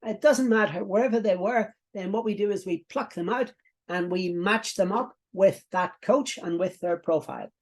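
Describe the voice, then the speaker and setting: A man's voice: high voice, normal speed. A middle-aged man teaching a coaching lesson to camera, giving instructions with many fillers, repetitions and asides. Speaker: business coach.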